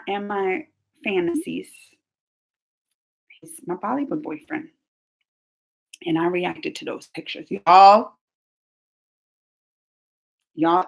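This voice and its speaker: With a lowish voice and noticeable vocal fry, this YouTube reaction channel host chats casually on a live stream, frequently gushing and laughing with her viewers.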